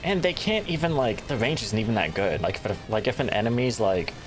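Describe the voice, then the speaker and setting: Lively low-voiced young man gaming. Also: a little fast. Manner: laid-back, explains game mechanics. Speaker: gamer. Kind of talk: casual chat while gaming. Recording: music playing behind.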